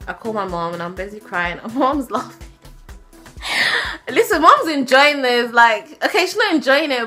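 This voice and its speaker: Bright-voiced chatty woman. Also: on the high side. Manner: chatty, animated, laughs often. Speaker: vlogger. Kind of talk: storytime vlog.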